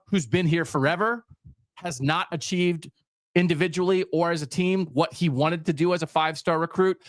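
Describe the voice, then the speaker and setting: A man's voice: fairly high pitch, no room sound. A man co-hosting a sports podcast, making emphatic points in long, piled-up lists. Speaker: podcast co-host.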